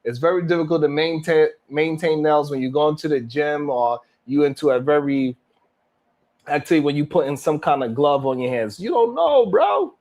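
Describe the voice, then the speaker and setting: A man from New York hosts a live reaction stream, his voice sitting slightly high. He keeps it loose and casual and peppers his banter with curses. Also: steady tone, normal speed, a little mellow. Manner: loose banter, heavy cursing, frequent laughs. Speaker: live stream talk show host.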